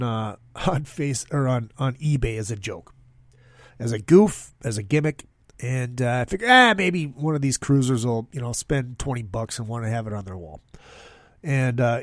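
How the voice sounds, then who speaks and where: Recorded dry with clean studio quality, a man at medium pitch hosts his own podcast. Talking alone and casually, he keeps an upbeat tone while rambling and leaning on lots of fillers.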